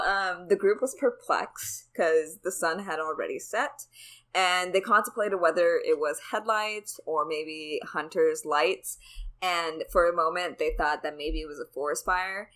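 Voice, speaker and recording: Low-voiced woman telling a story casually. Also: a bit bright. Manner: chatty, sweary, says "like" a lot. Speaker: podcast co-host.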